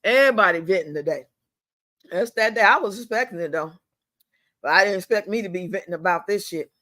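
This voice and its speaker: A man's voice: high voice, fairly quick, sharp tone, no echo, studio quality. An older man, venting angrily and profanely on a home live stream and repeating himself as he fumes. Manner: fuming, profane, repeats himself, drawls some words out. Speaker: livestream host.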